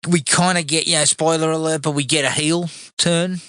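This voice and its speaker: A man co-hosting a laid-back film podcast, relaxed and sweary as he agrees and adds his opinions. His voice is bright, and the recording is close and dry. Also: fairly high pitch, moderate pace, smooth, no room sound. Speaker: podcast co-host. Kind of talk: casual film review chat.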